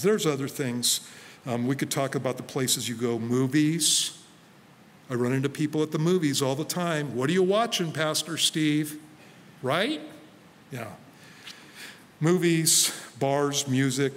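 A man, a pastor, preaching a sermon to a congregation in a relaxed, conversational way, telling stories from his own life and quoting himself. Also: mid-range voice, long reverb tail, a little hiss or hum. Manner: conversational, storytelling with self-quoted asides. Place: church sanctuary before a congregation.

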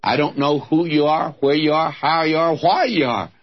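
A man's voice: on the high side, normal speed, muffled recording. A man with a Southern American accent preaching a radio Bible sermon, fervent and exclamatory, calling his listeners friends.

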